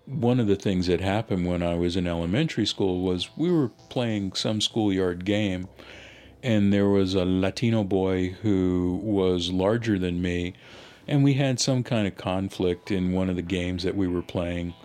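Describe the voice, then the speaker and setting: A man's voice: low-pitched, unhurried, darkish tone. A man being interviewed as a linguist, recounting a childhood story in a reflective, conversational way with many "you know" asides.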